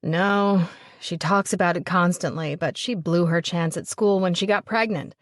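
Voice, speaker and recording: A woman narrator voicing a blunt, motherly middle-aged waitress with a deep smoker's voice. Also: normal speed, no echo, studio quality, lightly acted. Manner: blunt, motherly, calls people hun and kiddo. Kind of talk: audiobook character voice.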